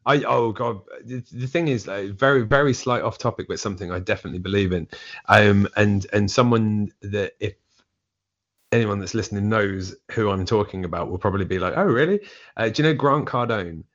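A man's voice: lowish voice, brisk, dull audio. A man from England, near Essex, with an English accent, chatting loosely as a podcast guest and rambling with lots of restarts. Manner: rambling, frequent restarts and filler "like". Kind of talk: casual storytelling chat.

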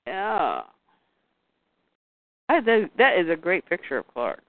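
A woman's voice: lowish voice, sing-song, slow, no echo. A woman co-hosting a casual chat, retelling comic scenes and reading the dialogue aloud. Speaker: comics podcast co-host. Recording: tinny phone-like line, dry.

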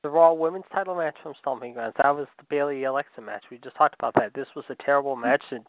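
A man's voice: mid-range voice, quick pace, dry recording. A man co-hosting a wrestling podcast, ranting heatedly and rambling with repeated filler words. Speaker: podcast co-host. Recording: dull lo-fi dry sound.

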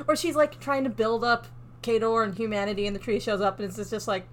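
A woman's voice: on the high side, fairly even intonation, quick pace. A woman co-hosting a podcast in casual chat, playful and laughing, acting out characters as she tells stories. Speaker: podcast co-host.

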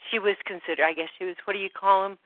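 A woman on a group phone call, slightly out of breath, talking in a halting way that trails off with many fillers. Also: mid-range voice, fairly even intonation, no room sound. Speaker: call participant. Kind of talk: rambling phone call chat. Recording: dry phone-line audio.

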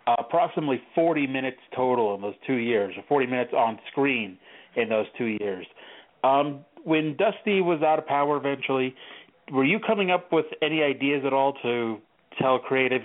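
Man asking questions over a tinny line. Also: medium pitch. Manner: steady, measured questioning with fillers. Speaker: podcast host. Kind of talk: interview questions.

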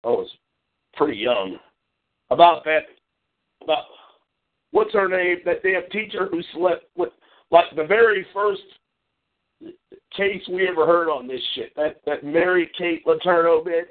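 A man's voice: sits high, measured pace, long pauses. A man hosting a call-in show, delivering a brash, boastful and profane monologue. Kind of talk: solo call-in radio monologue. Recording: phone-like lo-fi call-in audio.

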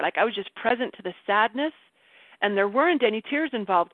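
A woman leading a casual group call, animated and self-mocking, laughing often as she talks. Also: mid-range voice, fast talker, no echo. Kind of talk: casual group coaching chat. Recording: tinny phone line, dry.

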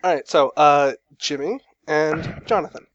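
A man narrating as game master of a tabletop game, relaxed, laughing between prompts. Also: on the high side, measured pace, dry recording. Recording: dull dry lo-fi sound.

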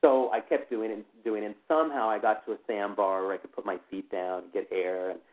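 Halting male interview guest on a phone line. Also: fairly low pitch, steady tone. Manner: halting, full of "you know" fillers and restarts. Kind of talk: personal account in an interview.

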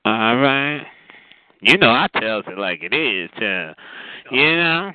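A man calling into a phone chat line, trading sassy, drawn-out insults in a heated conversation. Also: medium pitch, sing-song, no echo. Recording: tinny noisy phone line.

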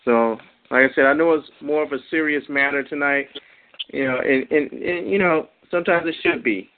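A man hosting a community call, talking in a relaxed way with many fillers. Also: a little high, moderate pace. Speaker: call host. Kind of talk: casual chat. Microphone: phone or call line. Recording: tinny phone line.

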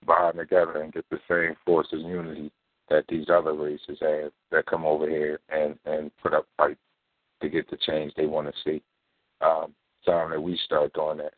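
Very deep, flat-voiced man on a phone line. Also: no echo. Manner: steady, laid-back delivery with frequent ums and throat clearing. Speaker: talk radio host. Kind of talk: casual talk radio commentary. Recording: dry, tinny phone line.

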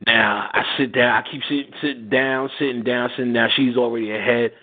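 A man's voice: medium pitch, fairly quick. A man hosting a radio show, telling a profane story in casual chat and acting out the people in it, laughing often. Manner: animated, laughing, acts out quotes in voices. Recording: phone-line audio.

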